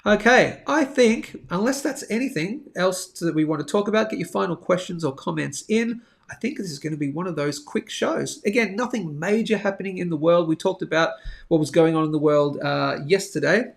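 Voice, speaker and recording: A man's voice: sits high, expressive, a little fast, vocal fry. A man hosting a live stream on market charts, chatty and thinking aloud with many fillers. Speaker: host of a live bullion market show.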